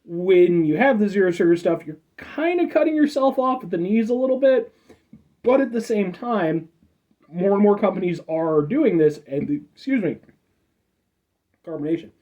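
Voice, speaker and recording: A man's voice: high voice, lively intonation, moderate pace, mellow, lo-fi sound. A man casually reviewing an energy drink, rambling and joking as he signs off to his viewers. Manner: rambling, jokey sign-off with repeated "folks".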